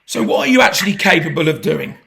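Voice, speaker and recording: Gravelly British man pressing a complaint. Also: a little high, very animated, fast talker, sharp tone. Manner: sarcastic, pressing, blunt. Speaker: complaining customer. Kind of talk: heated phone complaint.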